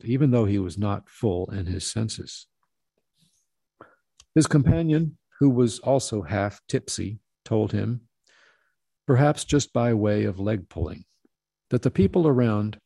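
A man narrating a story in a steady, deliberate reading voice. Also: fairly low pitch, gravelly, slightly rough, no echo.

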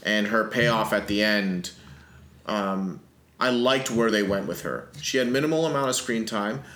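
A man's voice: on the low side, a little slow. Casual man talking movies in a roomy space. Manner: animated, swearing, thinks aloud with fillers. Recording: roomy echo.

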